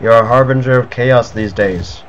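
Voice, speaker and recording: A man giving excitable let's play commentary, breaking into panicky outbursts and cursing. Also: medium pitch, normal speed, slight background noise. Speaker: gaming video creator. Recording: slightly muffled audio with game music. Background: video game music.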